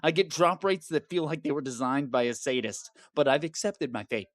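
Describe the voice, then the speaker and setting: A woman's voice: high voice, big pitch swings, moderate pace, a bit bright, no echo, clean studio sound. A woman voicing a long-suffering male game hero stuck in a cave, complaining melodramatically and sarcastically in a comedic diary monologue. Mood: weary.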